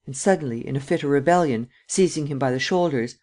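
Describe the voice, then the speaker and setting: A man's voice: mid-range voice, fast talker, few pauses, darkish tone. Man reading an audiobook steadily. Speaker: narrator. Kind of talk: scripted audiobook narration.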